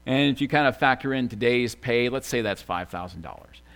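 A man preaching a sermon as a pastor, animated, swinging from loud excited bursts to quiet asides. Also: mid-range voice, fairly quick.

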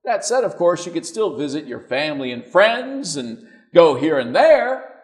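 A man's voice: fairly high pitch, big pitch swings, moderate pace. A man giving a sermon, telling a story with folksy asides before drawing the lesson. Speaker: preacher.

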